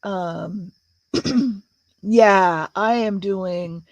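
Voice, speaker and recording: A woman in her sixties who hosts a crafts channel chats casually on a live stream at an extremely slow pace, with a mid-range voice and no echo. She greets viewers by name, reads their comments aloud, and uses lots of fillers.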